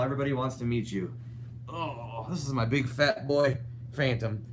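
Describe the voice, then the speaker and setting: A man's voice: medium pitch, steady tone, moderate pace, slight background noise. A young man hosting a casual live stream. He rambles and reads viewer comments aloud. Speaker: host.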